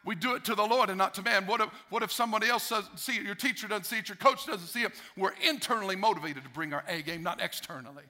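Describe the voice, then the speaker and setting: A man's voice: sits high, fast talker, hardly any pauses, bright, forceful tone. A male pastor preaching a sermon emphatically, repeating key phrases for effect.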